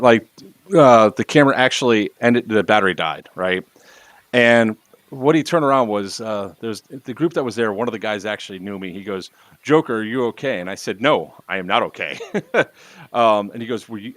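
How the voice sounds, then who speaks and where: A man's voice: on the low side, moderate pace, no room sound. Man telling a story, swearing casually. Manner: storytelling with profanity and laughs. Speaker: podcast host. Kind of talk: casual podcast chat.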